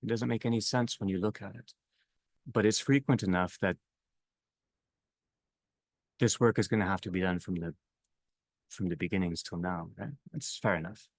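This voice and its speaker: A man leading a reflective theological discussion, speaking slowly in halting phrases that trail off softly at their ends. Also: low-pitched, fairly even intonation, dry recording. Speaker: discussion leader.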